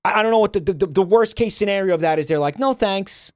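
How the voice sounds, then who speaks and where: A man's voice: high voice, fast, no room sound, studio quality. A man streaming, ranting bluntly and swearing a lot in casual livestream commentary.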